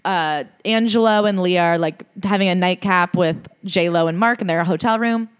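A woman co-hosting a podcast, casually recapping a memoir with animated storytelling and some swearing. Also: fairly low pitch, moderate pace, smooth. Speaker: podcast co-host. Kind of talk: casual chat, book recap.

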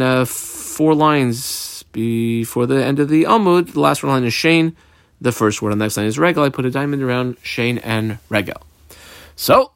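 A man's voice: medium pitch, a bit bright, dry recording. Guy going through a talmud page step by step, translating as he reads, plain mid voice, dry room. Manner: explains step by step, translates Hebrew and Aramaic phrases as he reads; reads text aloud in Ashkenazi Hebrew pronunciation. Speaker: Talmud teacher. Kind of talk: daf yomi Talmud lesson.

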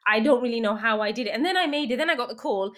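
A woman being interviewed, telling lively anecdotes with laughter and quoted voices. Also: on the high side, very fast. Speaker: guest. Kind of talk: casual storytelling interview.

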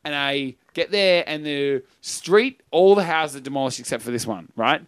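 A man's voice: on the high side, expressive, moderate pace, clean tone. An Australian man from Western Australia, a comedian guest telling rambling anecdotes in casual chat with dry jokes.

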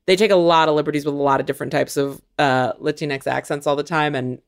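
Low-voiced woman, frank and chatty. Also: steady tone, quick pace, clean tone. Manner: frank, chatty, laughing between points. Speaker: podcast co-host. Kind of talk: casual chat.

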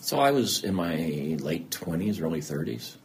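A man's voice: low-pitched, animated, normal speed, vocal fry, slight background noise. A man in his thirties or forties, a guest telling a candid, earnest story about his own life, self-deprecating and acting out the dialogue he recalls. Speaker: interview guest. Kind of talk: candid personal story in an interview.

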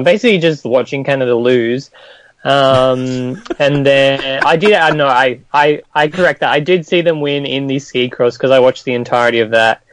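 Male co-host, mid pitch, easygoing hesitant delivery, dry recording. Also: no echo. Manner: laid-back, hesitant, many ums. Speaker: podcast co-host. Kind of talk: casual sports chat.

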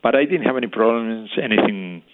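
Older man, halting, over a phone line. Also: on the low side. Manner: halting, searching for words. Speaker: interview guest. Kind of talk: reflective storytelling.

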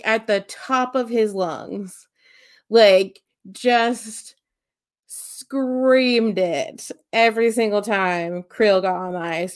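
A woman co-hosts a casual podcast, and she talks slowly. She tells stories in an unhurried way and laughs now and then. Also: mid-range voice. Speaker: podcast co-host.

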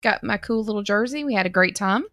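A woman with a Southern US accent, co-hosting a podcast in casual chat, chatty and quick to laugh. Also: medium pitch, fairly bright tone, no room sound. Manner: chatty, laughs often, trails off. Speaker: podcast co-host.

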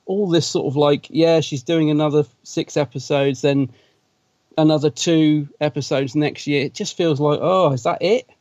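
A man with a somewhat higher voice vents in a casual podcast chat, downbeat and stammering over his restarts. The sound is dull and lo-fi, recorded dry with no room echo. He sounds frustrated. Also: steady tone, normal speed, darkish tone. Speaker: podcast co-host.

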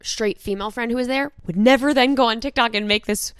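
A young woman co-hosting a podcast in casual chat, animated and argumentative, often acting out what people would say. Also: fairly high pitch, fast talker, clean tone, no echo, studio quality. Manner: animated, argumentative, acts out quoted voices. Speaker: podcast co-host.

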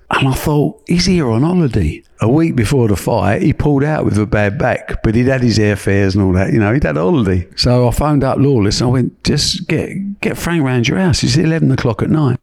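A man in his seventies, a guest, telling lively colloquial stories and acting out the dialogue. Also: mid-range voice. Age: 70s. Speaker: guest, sports promoter. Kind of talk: anecdotal storytelling.

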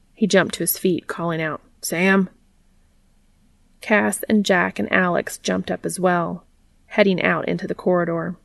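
Gravelly low-voiced woman narrating a story. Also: dry recording. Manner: steady, plain storytelling. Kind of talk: reading fan fiction aloud.

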